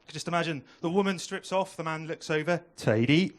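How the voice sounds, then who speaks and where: A young man doing a stand-up comedy set on a club stage, chatting with the crowd through a handheld mic and throwing in quick asides. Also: a little high, fairly even intonation, background noise.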